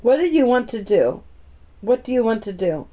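A woman voicing a weary, melancholy gentleman guardian who speaks in a distracted, absent-minded way. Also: a little high, big pitch swings, normal speed. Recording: dull, muffled audio.

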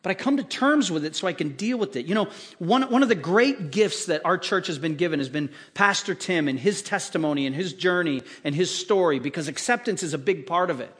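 A male pastor with a fairly high voice delivering a sermon. He keeps it animated and conversational, tossing rhetorical questions out to the congregation as he goes. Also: brisk, hardly any pauses.

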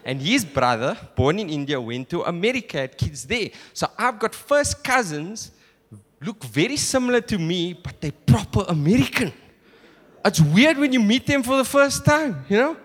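A South African man doing a stand-up comedy set on a theatre stage, telling stories quickly and animatedly with plenty of asides. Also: sits high, very animated, fairly bright tone. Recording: live theatre with long reverb and audience.

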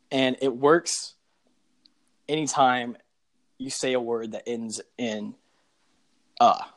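A man's voice: mid-range voice, extremely slow, long pauses. A young man chatting casually on a podcast, trading film quotes in a laid-back way and laughing often. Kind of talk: casual chat.

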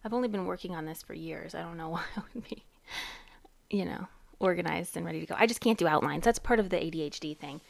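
A woman's voice: on the low side, quick pace, gravelly. A woman in her thirties hosting a casual podcast, chatty and rambling, often laughing and cutting herself off. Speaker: podcast host and therapist.

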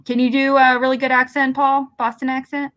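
A chatty woman hosting a live stream, her voice sitting a bit high and sounding bright and forceful. She laughs easily and drops the odd casual swear. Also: flat delivery, a little fast, no echo, rough recording. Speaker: host.

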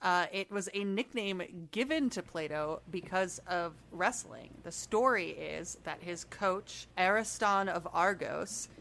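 A woman's voice: lowish voice, measured pace, gravelly, few pauses, a bit bright, slight background noise. A woman co-hosting a podcast, telling history in a playful, jokey way and laughing often. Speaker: podcast co-host. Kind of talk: casual history chat.

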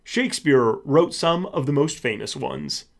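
A man reads a scripted educational podcast for children. He speaks slowly and carefully, his pitch moving up and down as he stresses each point. The delivery is clear and instructional. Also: lively intonation. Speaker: podcast host. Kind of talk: scripted educational narration for kids.

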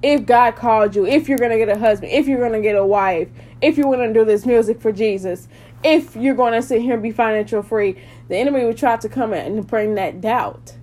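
A woman's voice: fairly high pitch, a little fast, warm tone. A woman, hosting a preaching podcast and praying aloud with fervent emphasis. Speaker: podcast host.

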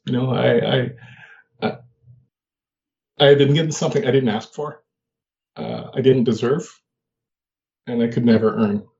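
An older man telling a personal story in a halting way, with many fillers and restarts. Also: medium pitch, fairly even intonation, creaky, a little mellow, dull audio. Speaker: guest.

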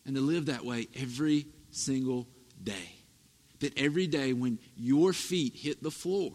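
A man in his thirties preaching a sermon, telling family stories with animated, emphatic delivery. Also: medium pitch, a little slow. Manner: storytelling, animated, rising to emphatic peaks. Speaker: pastor. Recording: echoey hall reverb.

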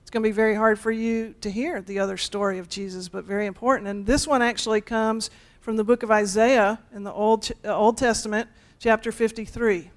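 A woman's voice: fairly high pitch, steady tone, fairly quick, few pauses. Woman pastor giving a conversational sermon with a playful touch. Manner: conversational, playful asides to the congregation.

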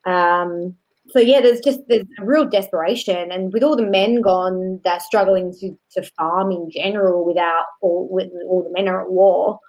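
A woman's voice: fairly low pitch, fairly even intonation, darkish tone. Chatty woman guest on a film podcast. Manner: chatty, quick agreeing replies. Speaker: guest reviewer. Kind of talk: casual movie review chat. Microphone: own mic on an online call.

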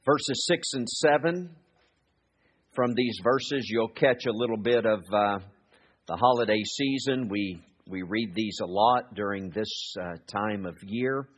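A man preaching a sermon as a guest speaker, praying and reading scripture in an earnest, halting way that slows for the readings. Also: on the low side, slight background noise. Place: church sanctuary. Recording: echoey hall, dull lo-fi sound.

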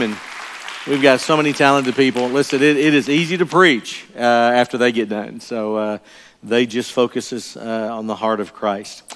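A man's voice: medium pitch, fairly bright tone. Older man preaching in a reverberant church. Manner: earnest, emphatic, repeats key phrases. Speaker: pastor. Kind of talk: sermon. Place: church sanctuary. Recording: long reverb of a large church hall.

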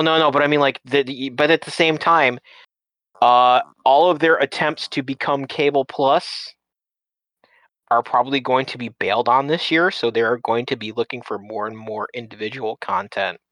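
Casual male talker, mid pitch, stumbling restarts, very dry booth-like sound. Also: a bit bright, no room sound, low-quality recording. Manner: rambling, many restarts and repeated words. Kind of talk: casual chat.

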